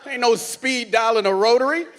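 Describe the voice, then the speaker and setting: A man doing a stand-up comedy set on a cruise ship theater stage, telling stories in an animated way and acting out family scenes. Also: extremely high pitch, moderate pace.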